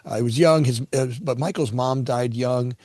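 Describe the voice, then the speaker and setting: A man's voice: medium pitch, moderate pace, darkish tone, no echo, clean studio sound. A middle-aged man from Florida, a company founder, telling personal stories in a casual conversation, often repeating words as he starts a thought. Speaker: guest, construction company founder.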